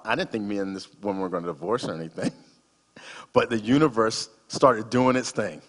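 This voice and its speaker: A man's voice: fairly low pitch, lively intonation, a little fast, fairly bright tone, big-room sound. A man in his fifties, a guest speaker giving a sermon in a conversational, humorous storytelling manner.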